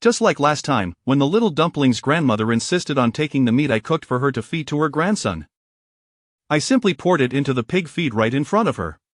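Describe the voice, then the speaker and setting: A man's voice: mid-range voice, sing-song, fairly quick, no echo, studio quality. A man voicing a resolute, clever young married woman who speaks steadily and reassuringly.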